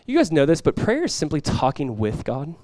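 A man's voice: a little high, wildly swooping pitch, a little fast, darkish tone, no room sound. A young adult male pastor giving a conversational sermon, joking and acting out little quotes.

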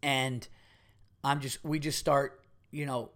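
On his podcast, a middle-aged comedian works through a heated, profane story, going over lines again as he performs what others said. He speaks slowly in a level, mid-range voice with a slightly bright quality.

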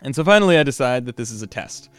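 A man's voice: medium pitch, lively intonation, fast, smooth, no room sound. A man telling a personal travel story in a casual, chatty way, with lots of ums and you-knows. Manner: casual and chatty, with many fillers.

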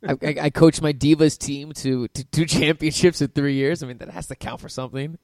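A man's voice: a little high, fairly even intonation, brisk, a little mellow, dry recording. A man co-hosting a soccer podcast, joking about himself and wrapping up the show. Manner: self-deprecating, joking. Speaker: podcast co-host. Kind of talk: casual chat.

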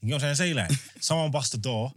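A young man with a London accent telling a funny story in casual podcast chat, animated and full of slang. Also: medium pitch, racing, dry recording, studio quality. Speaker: podcast co-host.

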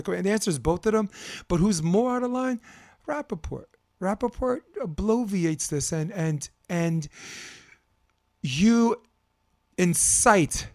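Fired-up man ranting in sports debate. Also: sits high. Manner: heated, rambling, repeats words, laughs. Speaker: co-host.

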